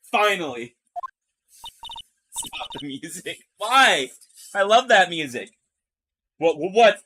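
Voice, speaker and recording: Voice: mid-range voice, very animated, slow pace, long pauses. A chatty, giggly game streamer joking while playing a courtroom game aloud. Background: game music.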